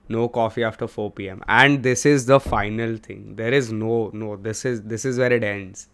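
A man's voice: lowish voice, fairly even intonation, normal speed, gravelly, fairly bright tone, clear, resonant tone. A young man with an Indian English accent hosting a solo podcast at home, talking in a candid, profane, rambling way. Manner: candid and profane, switches between English and Hindi. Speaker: podcast host. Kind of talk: casual solo podcast monologue. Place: room at home.

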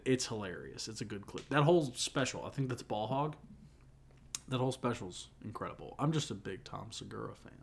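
A man's voice: on the low side, lively intonation, brisk, creaky, husky. A young man co-hosting a podcast, chatting casually and joking as he retells a comedy bit. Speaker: podcast co-host. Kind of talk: casual chat.

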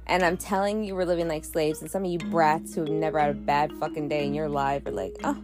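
A woman hosting a solo podcast rants heatedly and with frustration, swearing a lot as her scattered thoughts keep restarting. Over music, she talks fast in a low-pitched, flat delivery.

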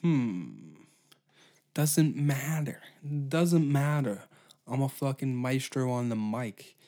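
A man's voice: medium pitch, animated, takes it slowly, warm tone. Profane ranting man in his twenties. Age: 20s. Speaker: podcast host. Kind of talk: solo comedy podcast rant.

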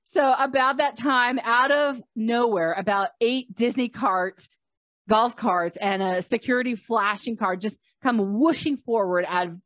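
A woman hosting a podcast, telling a personal story in a casual, animated way and acting out the voices of the people in it. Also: no echo. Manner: animated, acts out quoted voices with big pitch jumps. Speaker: podcast host.

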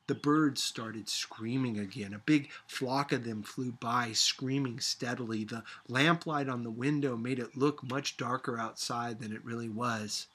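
A man reading a novel aloud as a teacher, with expressive delivery that sometimes drops to a whisper. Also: medium pitch, measured pace, hardly any pauses, slightly rough.

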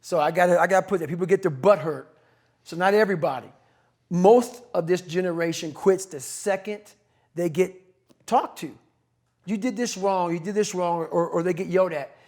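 A man's voice: high-pitched, fairly quick, a little mellow. A middle-aged man speaking as an interview guest, blunt, profane and emphatic in an intense motivational way. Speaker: podcast guest.

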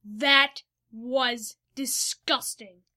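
Woman as an earnest young hero, bright high voice. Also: normal speed.

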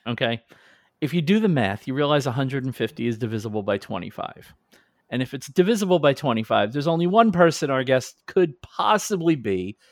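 A man's voice: medium pitch, animated, no echo, clean studio sound. A man hosting a podcast in casual chat, talkative and self-deprecating. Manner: chatty, self-deprecating, quick restarts. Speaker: podcast host.

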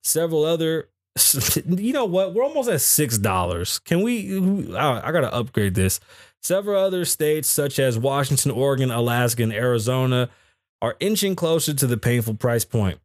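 A man's voice: medium pitch, very animated, moderate pace, dry recording, studio quality. A man hosting a casual podcast, reading news stories aloud and cutting in with blunt, profane, mocking comments. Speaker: podcast host.

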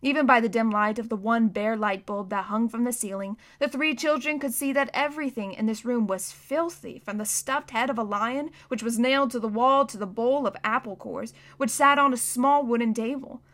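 A woman reading a children's novel aloud as narrator, expressive and acting out the scenes. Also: fairly high pitch, moderate pace, few pauses. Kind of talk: audiobook narration.

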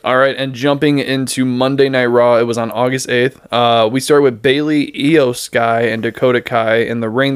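A man's voice: mid-range voice, smooth, dry recording, clean studio sound. A man co-hosting a wrestling podcast, recapping shows in casual chat and laughing often. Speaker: podcast co-host.

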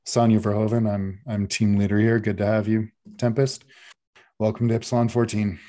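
A man voicing a tired young woman team leader who speaks flatly and shows no reaction. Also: fairly low pitch, moderate pace, close to an everyday voice. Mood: businesslike. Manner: flat and unbothered.

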